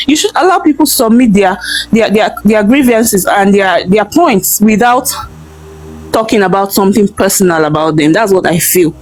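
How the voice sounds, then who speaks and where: A Nigerian woman speaks with a Nigerian English accent, making her case with force and repeating words as she builds her argument. Her pitch sits in a middle range. Faint music plays behind her. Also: expressive, moderate pace, low-quality recording. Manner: emphatic, repeats words while arguing. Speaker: audio room participant. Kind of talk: impassioned debate.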